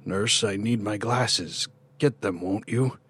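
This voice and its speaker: A man voicing a ghostly old patient in a storybook, slow and insistent. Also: lowish voice, a bit bright, a little hiss or hum. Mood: demanding.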